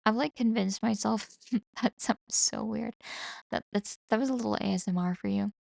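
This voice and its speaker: A woman's voice: medium pitch, normal speed, creaky, a little mellow, dry recording, clean studio sound. A young adult woman hosting her own podcast solo, chatting casually and rambling, with lots of "like" fillers and casual swearing. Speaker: podcast host.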